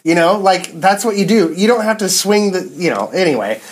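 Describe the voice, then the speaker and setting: A man's voice: high voice, lively intonation, brisk. Easygoing man telling stories. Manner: easygoing, anecdotal, hesitant. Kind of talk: casual chat.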